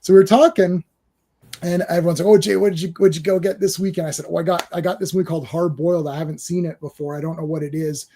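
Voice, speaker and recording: Speaking fast on a live-stream mic, this movie podcast host in his forties has a high-leaning, steady, mellow voice, with a bit of hiss or hum in the background. He tells casual stories energetically, acts out quotes, curses and keeps restarting his sentences.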